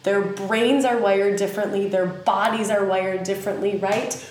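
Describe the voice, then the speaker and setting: A chatty woman with a light Southern US accent, hosting her own podcast in an easy, animated teaching manner. She fills her speech with ums. The room around her rings with heavy echo over a faint ambient hiss. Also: medium pitch, normal speed. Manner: animated, chatty, many fillers. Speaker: podcast host. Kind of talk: casual spoken teaching monologue.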